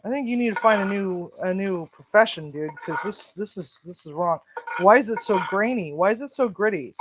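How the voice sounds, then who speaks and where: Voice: mid-range voice, animated, moderate pace. A home cook hosting a cooking vlog, telling a story bluntly and animatedly and swearing freely, in a home kitchen. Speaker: home cook and channel host. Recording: noisy home recording.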